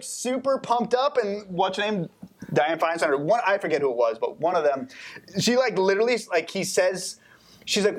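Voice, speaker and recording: Man, casual podcast chat, rambling, lots of restarts, somewhat high voice. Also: lively intonation, fairly quick.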